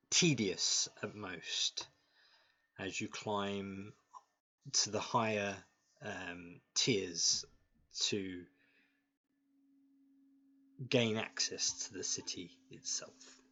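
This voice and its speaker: A man narrating as game master, halting often with fillers and restarts. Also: on the low side, sharp tone. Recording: dull lo-fi sound.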